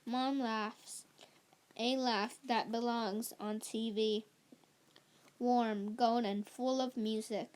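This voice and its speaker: Woman reading a novel out loud, super slow and halting, smooth higher voice. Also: fairly even intonation. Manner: slow, halting read-aloud delivery with small slips. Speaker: reader. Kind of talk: first-person novel reading.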